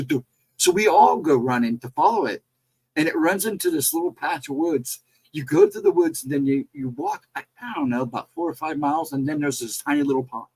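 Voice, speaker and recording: A man telling a spooky encounter in a casual, rambling, animated way. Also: a little high, vocal fry, husky, low-quality recording. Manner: animated, rambling retelling with restarts. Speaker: storyteller. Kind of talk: casual spoken ghost story.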